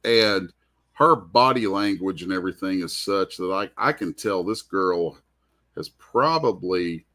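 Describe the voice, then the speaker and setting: At a convention booth, a comic artist hosting an art show speaks in a deep, sharp voice, expressive and unhurried. His casual story rambles but feels heartfelt, and he keeps restarting his sentences.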